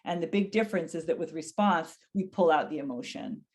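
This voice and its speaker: This middle-aged dementia care educator has a rather low voice and lively intonation, talking a little fast yet without seeming hurried. In her educational webinar she is earnest, and her voice rises as she plays out lines a caregiver might say.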